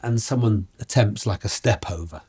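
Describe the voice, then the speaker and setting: A man's voice: on the low side, moderate pace, crowd noise. A man co-hosting a podcast with teasing, playful comic banter. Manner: jokey, teasing, playful asides. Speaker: podcast co-host.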